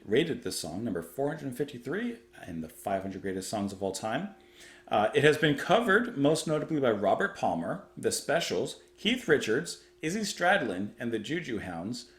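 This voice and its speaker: A man's voice: medium pitch, big pitch swings, normal speed, echoey room. A man giving casual reaction commentary on music, chatty and thoughtful as he muses aloud.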